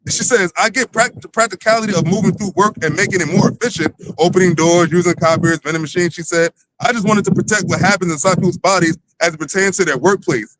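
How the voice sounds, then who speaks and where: A man's voice: high-pitched, quick pace, few pauses, a bit bright, poor audio. A man leading a livestreamed Bible teaching, talking loosely and profanely with many fillers and restarts. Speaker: lead teacher of a religious camp.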